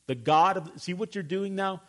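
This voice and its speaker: A male pastor preaching a sermon, animated and calling for responses from the congregation. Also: high-pitched, normal speed.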